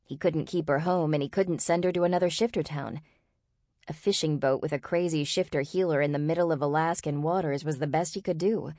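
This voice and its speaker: A woman reads an audiobook with steady, expressive narration. Her voice is low, and the recording is dry and close, with no room around it. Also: brisk, no echo. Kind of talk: scripted narration.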